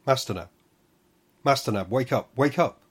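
A man voicing a frantic shouting young woman. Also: extremely low pitch, expressive, normal speed, slightly rough, pitched above the performer's own voice, full character voice. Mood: panicked. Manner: shouting urgently. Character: panicked young woman waking her master.

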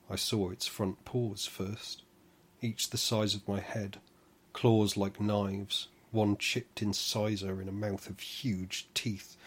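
A man narrating a first-person fantasy audiobook in a measured way, slowing down for dramatic moments. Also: on the low side, husky.

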